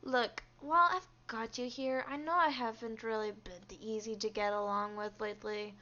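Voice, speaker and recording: A tired young coworker apologizes in a flat, even monotone, as a woman voices her in a game playthrough. The voice sits a little high, and the lo-fi stream audio dulls it. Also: normal speed. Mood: weary.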